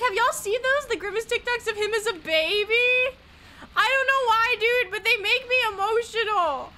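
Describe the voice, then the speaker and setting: A woman's voice: very high-pitched, pushed and bright, a little hiss or hum. A woman gaming streamer chatting casually while she plays, rambling, giggly, easily sidetracked and swearing a lot.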